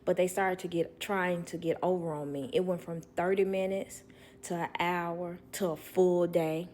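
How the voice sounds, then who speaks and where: A young woman who works as a nanny, telling a work story to viewers in a blunt, animated way. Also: fairly low pitch, moderate pace, slight background noise. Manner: blunt, animated, acts out others' lines.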